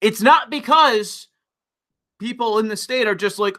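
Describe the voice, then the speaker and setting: A man's voice: high-pitched, measured pace, pushed and bright. A man ranting about politics on a livestream, profane and exasperated, repeating words and restarting his sentences as he gets worked up. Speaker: political commentator.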